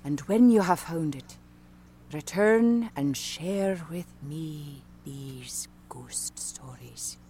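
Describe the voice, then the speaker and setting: A woman doing a hushed Irish storyteller, whispered role-play. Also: deep voice, expressive, slight background noise, full character voice. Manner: very soft and slow.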